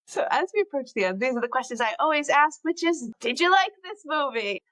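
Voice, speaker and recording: Chatty woman podcast host, fairly high voice. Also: lively intonation, a bit bright, slight background noise, poor audio. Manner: chatty, quick jokes, asks set questions. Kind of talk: casual chat about a film.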